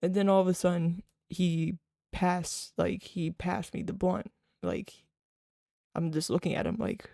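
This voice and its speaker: Young man, storytime, gravelly, dark mellow tone, dry close sound. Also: high voice, steady tone, measured pace, no echo. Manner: rambling, profane, full of filler words. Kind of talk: casual storytime.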